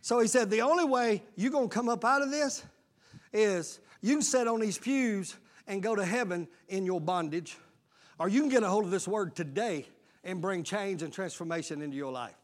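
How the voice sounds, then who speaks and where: A man, preaching a sermon as lead pastor, calling out to his congregation and breaking into shouts. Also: high voice, normal speed.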